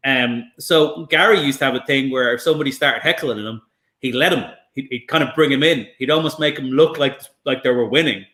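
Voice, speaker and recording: A man chatting as a guest comedian, telling lively anecdotes with swearing and restarts over a video call. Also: medium pitch, fairly quick. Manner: animated storyteller, swears, restarts. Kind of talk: casual chat, anecdotes. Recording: echoey room.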